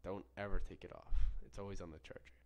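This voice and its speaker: A man's voice: low voice, little pitch movement, fast talker. A young man hosting a solo podcast, telling a story in a rambling, profane way with many self-corrections. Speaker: podcast host.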